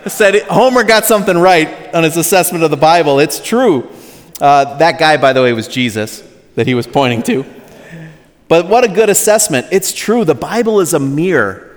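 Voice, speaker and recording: A pastor preaching a sermon in a relaxed, conversational way, joking with the congregation and acting out quotes in a higher voice. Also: male voice, normal speed. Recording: long reverb of a large hall.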